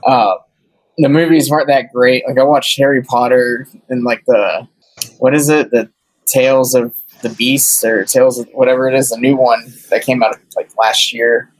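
A man's voice: mid-range voice, steady tone, moderate pace, poor audio. A man telling travel stories in casual chat, rambling with lots of fillers.

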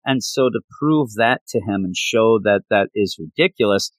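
A man chatting casually on a podcast, excited and rambling, often restarting his sentences. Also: on the low side, moderate pace, dry recording. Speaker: podcast co-host. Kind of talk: casual chat about comics.

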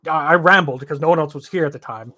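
A man's voice: a little high, fast, pushed and bright, no room sound, studio quality. A man co-hosting a sports podcast, talking casually and ranting with lots of repeated words. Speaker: podcast co-host.

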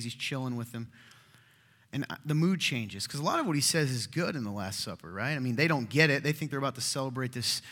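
A man preaches in a loose, talkative way, like he's chatting with his congregation, and he sometimes sinks to a near whisper for emphasis. His voice sits at an ordinary middle pitch. A long reverb trails behind his words as they fill a church hall. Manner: conversational and animated, drops to hushed tones. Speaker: pastor. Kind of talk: sermon.

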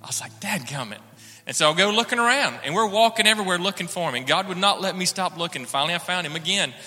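A man's voice: high voice, very fast, sharp tone, big-room sound. A man sharing an earnest personal testimony in church, acting out the dialogue as he tells it. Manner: earnest storytelling, acts out dialogue.

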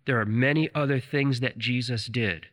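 A man's voice: mid-range voice, normal speed, fairly bright tone, in a large hall. A man preaching a sermon, retelling scripture stories with fervent enthusiasm.

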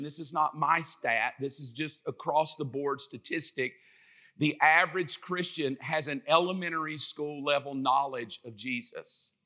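Southern guy preaching, bright kinda tense voice, a bit high, tells stories n does the voices. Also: normal speed. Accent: Southern American. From South Georgia, USA. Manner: storytelling, acts out quoted voices. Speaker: pastor. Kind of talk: sermon.

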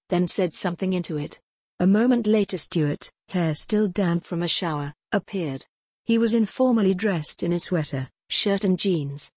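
A woman reading a novel aloud in a measured, even scripted narration. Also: on the low side, slightly rough, no echo, clean studio sound. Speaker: audiobook narrator.

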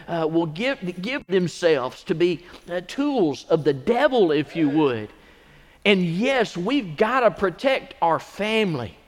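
A man preaching a sermon as pastor, moving from conversational storytelling to shouted, drawn-out exhortation. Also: high voice, long reverb tail.

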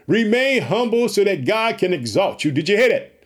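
A man preaching an energetic sermon, excited and pumped up, often calling out to his listeners and repeating catchphrases. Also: sits high, normal speed.

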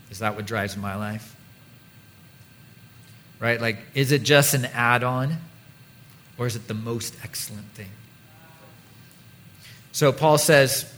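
A man preaching in a church, chatty and playful, slipping into quick mock voices to make his point. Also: mid-range voice, fairly bright tone. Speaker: pastor. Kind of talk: sermon.

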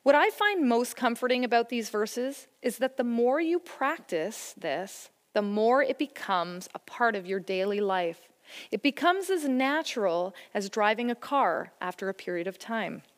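A woman's voice: fairly high pitch, lively intonation, measured pace. A woman giving an earnest, encouraging sermon about parenting and faith, mixing scripture with personal stories. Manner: earnest, encouraging, story-telling. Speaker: church speaker on family faith. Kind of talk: sermon talk. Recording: long hall reverb.

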